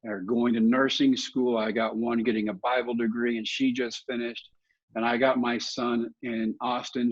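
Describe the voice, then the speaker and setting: Husky-voiced man telling stories. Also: medium pitch. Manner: lively anecdotes, self-deprecating humor. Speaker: guest, motivational speaker. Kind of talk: storytelling in a podcast interview. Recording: dull, muffled audio.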